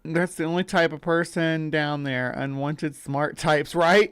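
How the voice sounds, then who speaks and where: A man hosting a live stream, thinking out loud in a rambling, incredulous way as he comments on a story. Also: a little high, steady tone, a little slow, smooth. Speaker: host.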